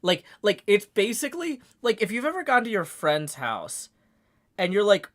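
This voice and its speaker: Lively, rambling woman streamer. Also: mid-range voice, normal speed. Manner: rambling, laughs often, lively tangents. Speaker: streamer reading a novel aloud. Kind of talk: casual live-stream chat.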